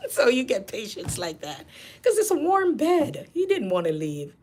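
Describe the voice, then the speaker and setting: A middle-aged woman host telling casual, animated stories from her nursing work, laughing and acting out patients' lines. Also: lowish voice, moderate pace. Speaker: nurse coach and channel host. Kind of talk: casual storytelling.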